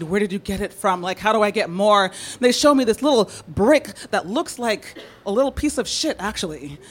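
Animated woman telling a personal story. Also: medium pitch, a little hiss or hum. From San Francisco, United States. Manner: animated, laughing, acts out quoted voices.

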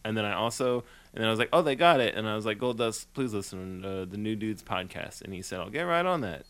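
Male podcast co-host, lively pitch swings, joking rambling chatter. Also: quick pace. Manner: rambling, jokey, puts on silly voices. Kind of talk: casual comedic podcast chat.

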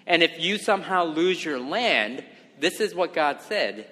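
A man's voice: on the high side, lively intonation, unhurried, bright, forceful tone, big-room sound. A man preaching a sermon, earnest and emphatic, asking the congregation rhetorical questions. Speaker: pastor.

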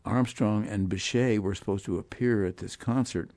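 An older man, a guest musician, telling animated anecdotes in an interview and voicing the people he quotes. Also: on the low side, normal speed, dry recording. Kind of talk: storytelling interview.

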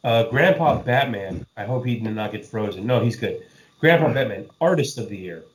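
A man co-hosting a casual podcast chat, excitable and profane, laughing often and swearing freely. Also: medium pitch, moderate pace, roomy sound, poor audio. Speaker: podcast co-host.

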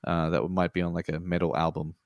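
A relaxed Australian man chats about films in a very deep voice with a gravelly rasp. He swears freely and laughs easily, and the recording is dry and close. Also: quick pace, no echo. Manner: laid-back, swears freely, laughs often. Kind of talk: casual chat.

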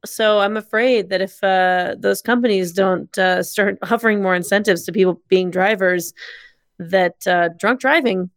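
A woman's voice: mid-range voice, fairly even intonation, a little slow, no room sound, clean studio sound. A woman co-hosting a casual chat, adding wry, agreeable asides.

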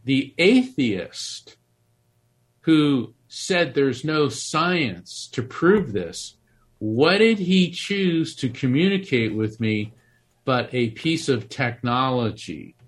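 A middle-aged man from Florida tells his story in an interview, earnest and animated. He often restarts his sentences. His voice sits in an ordinary middle register. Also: mid-range voice, slow pace. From Florida, USA. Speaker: author and psychic medium.

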